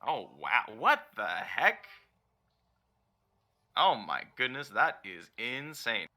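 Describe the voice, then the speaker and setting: Bright-voiced male dungeon master. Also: medium pitch, slow. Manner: relaxed, laughs easily, many fillers. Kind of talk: narrating a tabletop game.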